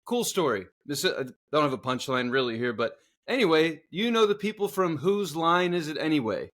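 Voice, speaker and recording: A man co-hosting a podcast, telling a workplace story in casual, profane chat and acting out the people in it loudly. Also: a little high, fairly quick. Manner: swearing storyteller, loud animated reenactments. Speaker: podcast co-host.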